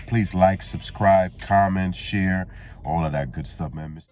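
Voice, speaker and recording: Deep-voiced congested man coaching a workout. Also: slow, a little mellow, faint music behind. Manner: laid-back, peppers talk with "man" and "all right?". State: congested from pollen allergies. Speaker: fitness trainer. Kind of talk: casual workout instruction.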